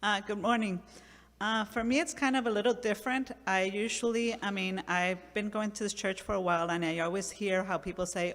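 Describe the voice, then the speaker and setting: A woman in her fifties from Puerto Rico shares a personal testimony with a congregation, talking the way she would in conversation. Her voice sits at an ordinary middle pitch, and she acts out the people she quotes. A long reverb from the church hall trails after her words. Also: fairly even intonation, fairly quick, fairly bright tone. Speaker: church member giving a testimony. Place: church sanctuary.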